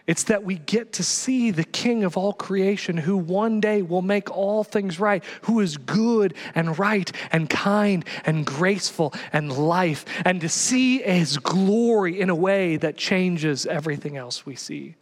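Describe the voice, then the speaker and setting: A male pastor preaching passionately, swinging from hushed lines to loud exhortation. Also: high voice. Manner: passionate, builds to shouting exhortations. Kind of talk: sermon. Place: church. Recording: long reverb of a church hall.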